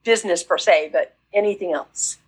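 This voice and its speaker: A woman business coach talking casually in an interview, acting out excited reactions as she explains. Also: lowish voice, normal speed, husky, low-quality recording. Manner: animated, acts out quoted reactions.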